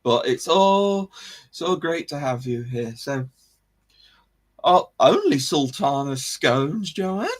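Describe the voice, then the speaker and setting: A man's voice: fairly high pitch, lively intonation, slow pace. A man hosting a casual live stream, rambling about history, correcting himself and chuckling as he greets viewers.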